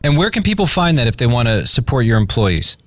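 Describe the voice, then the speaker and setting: A man's voice: mid-range voice, very animated, fast talker, no echo, clean studio sound. A chatty, upbeat man in his thirties hosting a radio interview. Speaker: radio host.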